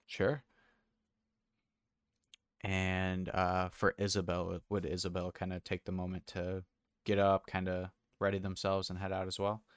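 Low flat-voiced guy running a tabletop game, lots of ums and uhs, clean dry sound. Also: clean tone, no echo. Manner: halting, many fillers. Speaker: game master.

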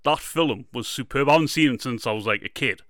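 A man's voice: medium pitch, fast talker, a bit bright, no room sound, clean studio sound. A man, co-hosting a casual podcast chat and breaking into silly impressions now and then. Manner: chatty, jokey, slips into silly impressions. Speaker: podcast co-host.

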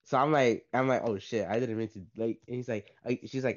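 A young podcast co-host tells a rambling story casually, constantly adding "right?" and "like" to his sentences. His mid-range voice moves briskly with hardly any pauses, and the lo-fi recording sounds slightly dull.

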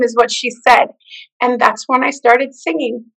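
A woman telling her personal faith testimony in an animated way, acting out the voices of the people in her story. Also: on the high side, moderate pace, creaky, husky, low-quality recording. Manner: expressive storyteller who acts out the quoted lines. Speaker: guest sharing her testimony.

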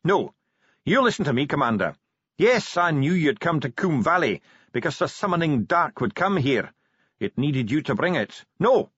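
Solemn insistent dwarf, storybook read, a man voicing him, husky, dull. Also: fairly high pitch, fairly bright tone, no room sound, pitched above the performer's own voice, full character voice. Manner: urgent, insistent. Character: urgent solemn male dwarf elder.

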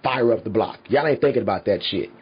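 A commentary podcaster with a husky, fairly low voice rants heatedly and fast to his viewers, expressive and emphatic. He swears constantly and laughs between points, and the lo-fi recording sounds slightly dull.

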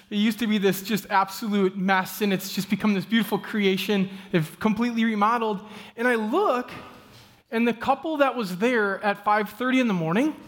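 A man, preaching a sermon in a conversational, animated storytelling way. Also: high voice, big-room sound. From Midwest US. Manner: conversational, animated, with frequent "like" fillers.

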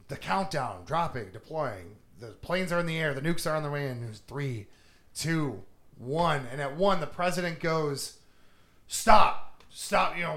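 A man on a podcast, casually recapping a movie plot, swearing a lot and laughing as he goes. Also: on the high side. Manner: animated, swears a lot, laughs while retelling. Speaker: podcast host.

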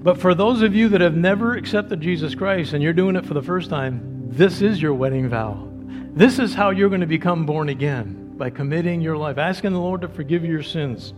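A male pastor preaching a sermon to a congregation, drawing phrases out slowly and then rising to loud, fervent calls. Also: fairly high pitch, music in the background. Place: church sanctuary before a congregation.

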